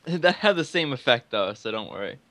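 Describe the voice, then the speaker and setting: A man in casual game chat teases his friends, his pitch bouncing around a lot. His voice is recorded close and dry. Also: sing-song, brisk, bright, forceful tone, no echo. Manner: teasing, laughs a lot. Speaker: guest player.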